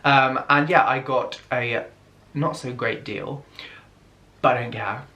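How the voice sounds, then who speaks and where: A young man chatting through a casual unboxing vlog, excitable, gasping and often dropping to a whisper. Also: mid-range voice, takes it slowly, dull audio. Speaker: vlogger.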